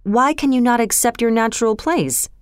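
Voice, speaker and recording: A woman voicing a cruel, cold aristocratic marquis in a storybook reading, with a smooth, dry voice. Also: on the high side, moderate pace, no echo, voice pushed up, natural voice. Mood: stern. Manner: cold, dismissive.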